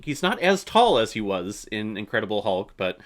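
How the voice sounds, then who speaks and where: A man's voice: fairly low pitch, very animated, moderate pace, a bit bright. A man hosting a casual movie reaction, chatty and opinionated, swearing now and then.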